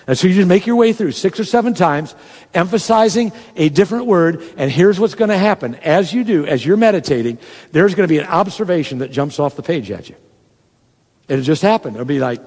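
A man's voice: on the high side, animated, fairly quick, gravelly, a little mellow, husky. A male pastor delivering a conversational sermon, teaching a scripture routine step by step and acting it out as he goes. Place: large church hall. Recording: long reverb of a large hall.

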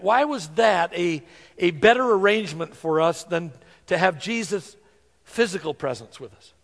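A man preaching a sermon, earnest, slowing down to stress scripture verses. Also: sits high, vocal fry. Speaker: pastor. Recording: long hall reverb.

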